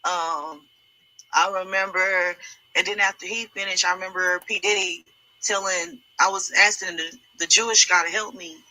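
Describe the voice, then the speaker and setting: A woman giving a halting, distressed first-person account, restarting her sentences as she relives painful memories. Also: lowish voice, steady tone, bright, forceful tone, poor audio. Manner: halting, hesitant, many restarts. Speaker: alleged victim giving testimony.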